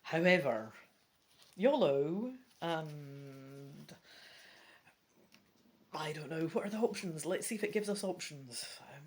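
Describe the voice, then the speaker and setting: A Scottish woman reading a gamebook aloud and commenting on it in a chatty, wry way with casual swearing. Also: lowish voice. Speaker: gamebook reader.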